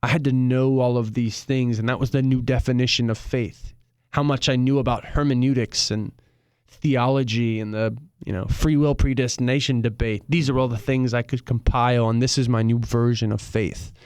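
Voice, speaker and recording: A young man chats as a guest in a studio, mixing thoughtful reflection with quick jokes. His voice is smooth and clear, and the close mic leaves it dry with no room sound. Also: medium pitch, steady tone, a little mellow, no room sound. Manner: reflective, joking. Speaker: guest musician. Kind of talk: casual chat.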